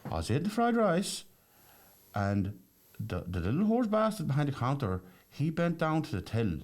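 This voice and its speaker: A man's voice: on the high side, huge pitch swings, moderate pace, darkish tone, voice pushed up. A man putting on a blunt, hulking barroom brawler. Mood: deadpan. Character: hulking brawling male drinker, blunt and impulsive.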